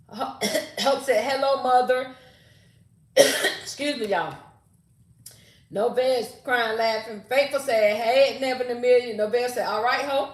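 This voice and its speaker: Woman livestream host, slightly high voice, reads viewer comments aloud and greets people by name, echoey room. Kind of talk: casual livestream chat.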